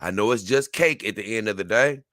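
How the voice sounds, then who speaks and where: A man giving casual, animated reaction commentary, exclaiming and laughing as he talks. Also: on the low side, brisk, no echo, clean studio sound. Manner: animated, exclaiming and laughing, dips into mock voices. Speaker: video reactor.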